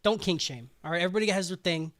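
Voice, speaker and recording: A man hosting a podcast, recapping an episode in crude, joking chat and breaking into gruff character voices. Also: sits high, very fast. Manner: loud, laughing, acts out characters in gruff voices. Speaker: podcast host.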